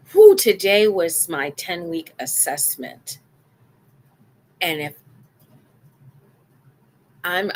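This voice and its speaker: Slow, low-voiced woman host. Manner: chatty, repeats phrases for emphasis. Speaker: talk show host. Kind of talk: casual live-stream chat.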